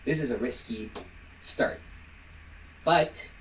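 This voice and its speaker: A man's voice: medium pitch, slow, fairly bright tone, slight background noise. A man hosting a casual podcast, rambling and self-deprecating and often laughing, recorded on a laptop microphone. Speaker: podcast host. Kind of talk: casual chat. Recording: roomy laptop mic from a distance.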